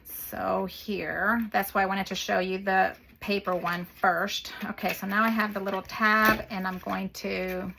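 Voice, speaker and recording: A woman's voice: mid-range voice, flat delivery, measured pace, creaky, hardly any pauses, bright, forceful tone, a little hiss or hum. A woman hosting a paper craft video, chatting casually as she works and gushing over the little details.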